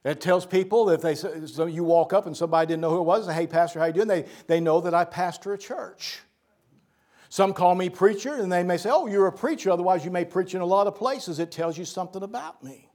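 A man's voice: high voice, a little fast, a little mellow. An older man who is a pastor, preaching a sermon to his church in an earnest way, often repeating words as he lists points. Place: church sanctuary.

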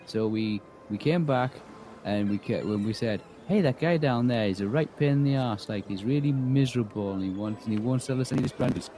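A man's voice: medium pitch, brisk, warm tone, a little hiss or hum, poor audio. A man, game master telling an in-character story in a rambling way, acting out quoted lines. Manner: rambling, full of restarts and acted-out quotes.

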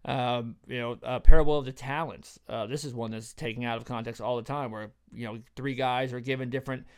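A man in casual discussion explaining Bible parables, animated and full of fillers, acting out quoted voices as he goes. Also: medium pitch, brisk, clean tone.

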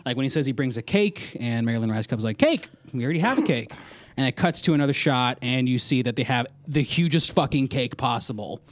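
A man's voice: mid-range voice, a little fast, hardly any pauses, no echo. Rambling, laughing man in a dry room. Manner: rambling, laughing often, restarts. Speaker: podcast host. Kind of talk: casual chat.

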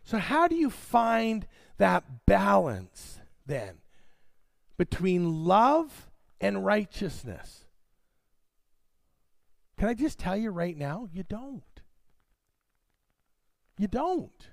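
Male preacher, high-pitched and gravelly, slow expressive sermon delivery. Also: no echo. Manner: expressive preaching with dramatic scripture reading.

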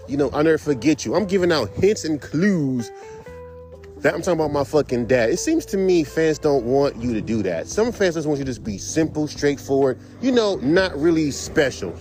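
A man with a slightly high voice rants on his own podcast, heated and profane, rambling from point to point. Faint music plays under his talk. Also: darkish tone. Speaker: podcast host; rapper. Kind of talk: casual rant podcast.

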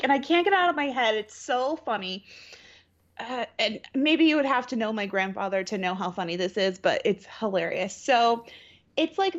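A woman's voice: fairly high pitch, dull audio. A young woman co-hosting a podcast, casually telling a funny family story and acting out the people in it, often laughing. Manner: animated, laughs often, acts out quoted voices. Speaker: podcast co-host.

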